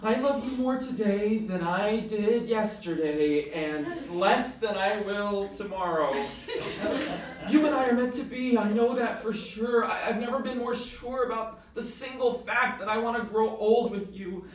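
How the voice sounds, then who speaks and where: A man playing a frantic, emotional troop leader who is stranded and heartbroken, with a high voice. It sounds very echoey, as if picked up from across a bare room, in a comedy sketch. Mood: pleading. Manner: frantic, emotional, quick to outbursts. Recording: very echoey, distant-mic recording.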